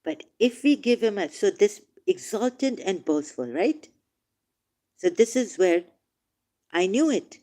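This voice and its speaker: A woman hosting a casual livestream, reading scripture passages aloud and commenting on them emotionally, swinging from quiet musing to emphatic outbursts. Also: medium pitch, very animated, unhurried. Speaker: online talk host.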